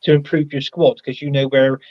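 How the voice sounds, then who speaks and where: A man's voice: mid-range voice, flat delivery, brisk. Rambling man, dull lo-fi sound. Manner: rambling, hesitant, many restarts and fillers. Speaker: guest co-host. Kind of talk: casual livestream chat.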